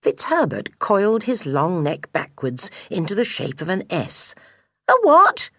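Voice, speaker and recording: Slow, husky woman reading a storybook. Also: lowish voice, dry recording, clean studio sound. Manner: expressive, measured narration. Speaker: audiobook reader.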